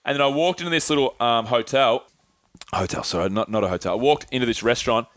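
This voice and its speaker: He talks fast in a mid-range, slightly bright voice, and the recording is dry. A young Australian co-host, he's casually recounting travel stories on a podcast. Expect rambling, swearing and many filler words.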